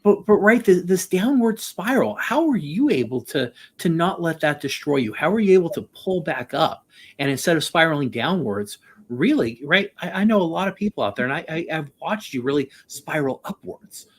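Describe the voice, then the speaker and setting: Husky-voiced male host, lively delivery. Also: fairly high pitch, moderate pace. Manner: animated, keeps adding "right?" while asking questions. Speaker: podcast host. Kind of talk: conversational interview.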